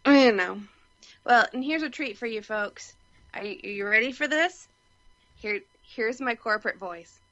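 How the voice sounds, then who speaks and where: A woman co-hosting a casual podcast, relaxed and often murmuring her agreement. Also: a little high, normal speed, dry recording, muffled recording. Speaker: podcast co-host. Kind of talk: casual chat.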